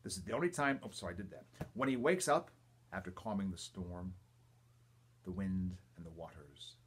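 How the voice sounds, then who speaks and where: Older male priest, deep and husky, reverent homily reading with quiet asides. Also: normal speed. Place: church or home, livestream.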